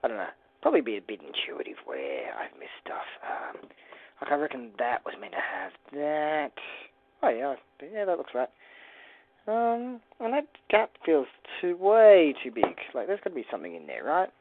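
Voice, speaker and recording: A host casually narrating a toy brick build, rambling through playful asides and quiet mumbles to themself. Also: mid-range voice, big pitch swings, normal speed, gravelly, dry recording. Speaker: LEGO builder and channel host. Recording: dry, tinny phone-like sound.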